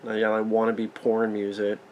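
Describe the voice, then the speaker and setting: A man's voice: on the low side, monotone, fairly quick, lo-fi sound, slight background noise. A man giving casual, profane commentary on a movie, sarcastic and incredulous, swearing freely as he reacts.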